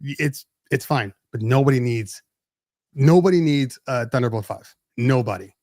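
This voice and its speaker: A man's voice: mid-range voice, normal speed, a little mellow, no echo, clean studio sound. A man hosting a podcast, chatting casually and explaining with many restarts. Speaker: podcast host. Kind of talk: casual tech chat.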